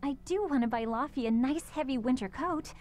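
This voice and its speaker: An actress plays a composed young woman in a video game, a protective older sister with a fairly high voice. She speaks calmly, levelly and with quiet firmness, over faint game music. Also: fairly quick, close to an everyday voice. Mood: calm firm. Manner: calm, level, quietly firm. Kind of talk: game voice acting.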